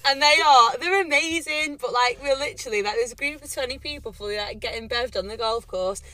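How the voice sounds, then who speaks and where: Young woman, bright clear tone, slightly high voice, giggly casual podcast chat, outdoors. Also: a little fast, no echo. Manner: giggly, chatty, swears casually. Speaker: podcast co-host. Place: outdoors in a cemetery at sunset.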